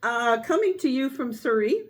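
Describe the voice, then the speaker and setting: A middle-aged woman co-hosting a shop's weekly show, chatting and making announcements in a relaxed, unhurried way. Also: sits high, rough recording. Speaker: co-host. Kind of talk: casual chat.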